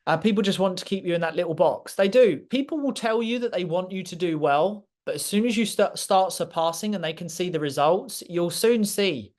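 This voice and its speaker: A man gives a motivational masterclass, pressing each point hard and repeating lines for effect. His voice sits a little high for a man. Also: expressive, brisk, few pauses, darkish tone. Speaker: speaker.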